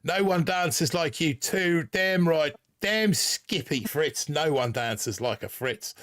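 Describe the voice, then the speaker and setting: A man's voice: fairly high pitch, animated, slow pace, a bit bright, no room sound, clean studio sound. A man hosting a casual live stream in a put-on Australian accent, rambling and joking as he reads out chat names. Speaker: livestream host.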